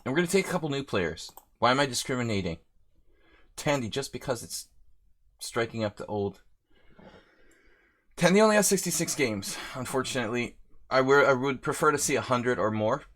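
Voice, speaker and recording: A man's voice: medium pitch, lively intonation, a little fast, pauses often, fairly bright tone. A man hosting a live chess stream, chatting casually and rambling as he reads out viewer names.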